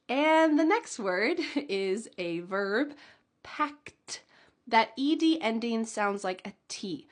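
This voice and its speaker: Woman, pronunciation teacher; slightly high voice, slow deliberate delivery, crisp enunciation of each word. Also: animated. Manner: slow, clearly enunciated demonstrations with light laughs. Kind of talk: pronunciation lesson.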